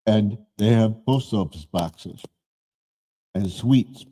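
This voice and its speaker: A man's voice: fairly low pitch, slow pace, warm tone, breathy edge. A man in his seventies hosting a live stream, chatting casually in a rambling way and often correcting himself.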